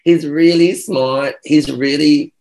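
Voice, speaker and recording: Gravelly, animated male interview guest. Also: on the high side, slow. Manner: animated, profane, laughing storyteller. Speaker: guest performer. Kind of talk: casual interview storytelling.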